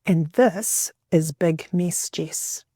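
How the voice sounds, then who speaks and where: A middle-aged woman teacher, giving a clear, expressive classroom lesson and stressing key words for young readers. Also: on the low side, very slow, no echo, clean studio sound.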